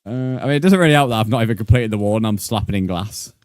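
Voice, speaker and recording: A man's voice: lowish voice, very fast, darkish tone, dry recording. A young man streaming a building game, chatting with viewers, swearing freely and calling everyone mate. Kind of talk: casual gameplay livestream chat. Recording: faint background music.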